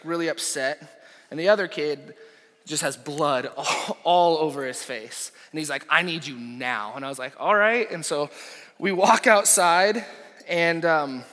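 A young adult man, a pastor preaching a sermon, impassioned, rising to loud peaks and dropping to near whispers. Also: on the high side. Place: church auditorium. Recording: echoey hall reverb.

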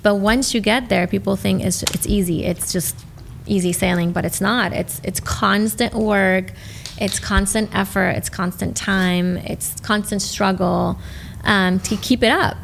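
A woman's voice: medium pitch, steady tone, a little slow, gravelly, slight background noise. A woman hosting a podcast interview, talking sympathetically and reflectively. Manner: sympathetic, reflective, frequent backchannels. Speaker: podcast host.

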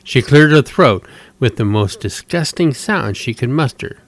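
A male host reads a story aloud at a steady, measured pace. His voice sits at an ordinary middle pitch for a man.

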